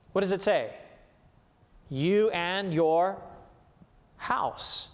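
A man's voice: sits high, slow pace, pauses often. A man preaching a sermon, emphatic and rising to a raised voice as he reads scripture. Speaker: pastor. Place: church sanctuary. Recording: livestreamed church sermon with long hall reverb.

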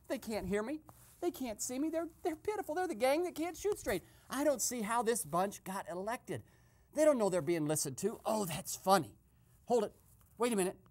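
A high-pitched male host performs a comic eavesdropping skit, narrating in a hushed, gleeful play-by-play that suddenly bursts into excited outbursts.

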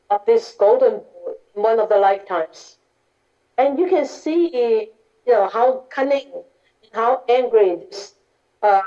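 A woman's voice: a little high, mellow. A woman, a Buddhist nun, giving a dharma talk, telling stories informally with simple grammar and many restarts. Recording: dull lo-fi recording.

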